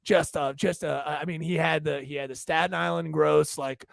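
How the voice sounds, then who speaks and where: A man's voice: fairly high pitch, steady tone, normal speed, creaky, dry recording. A man co-hosting a podcast, rambling through crude, swearing stories in casual banter. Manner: crude, rambling storyteller who swears freely. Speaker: podcast co-host.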